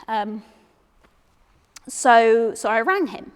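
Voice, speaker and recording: A young woman tells a comic story from a theatre stage in a fairly high voice. She is chatty and self-deprecating, and she trips over repeated words. A long stage reverb trails behind her voice. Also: a little slow. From England. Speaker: solo performer.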